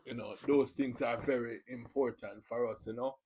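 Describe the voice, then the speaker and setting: A man's voice: mid-range voice, steady tone, moderate pace, dark tone, slightly rough, low-quality recording. A man with a Jamaican accent hosting his own video channel, giving a casual, rambling spoken testimony full of "you know" fillers.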